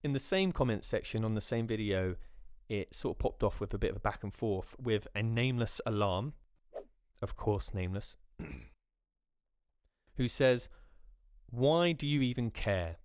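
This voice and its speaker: A man's voice: on the low side, animated, unhurried, a little mellow, clear, resonant tone, no room sound. A man giving sarcastic social commentary and reading out viewer comments. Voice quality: mocking sarcasm.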